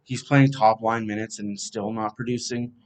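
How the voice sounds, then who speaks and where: A man's voice: lowish voice, fairly even intonation, normal speed. A man hosting a fan podcast, casually previewing a hockey team's schedule and thinking aloud as he talks.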